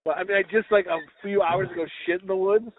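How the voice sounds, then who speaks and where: A man's voice: high-pitched, fairly even intonation, fast, slight background noise. A man co-hosting a podcast, telling crude stories in a rambling, laughing way. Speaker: podcast co-host. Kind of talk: crude casual chat. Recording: tinny, phone-like sound.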